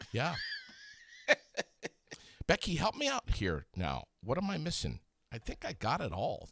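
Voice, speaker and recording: Male podcast host, low and animated, chatty announcer with lots of fillers, dry mic. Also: takes it slowly, long pauses, dry recording. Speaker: podcast host reading local news. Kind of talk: casual chat with announcements.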